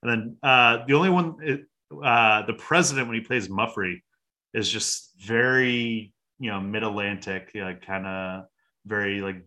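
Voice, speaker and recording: A man co-hosting a podcast who talks excitably about a film, swearing and laughing often. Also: lowish voice, normal speed. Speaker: podcast co-host. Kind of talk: casual film discussion.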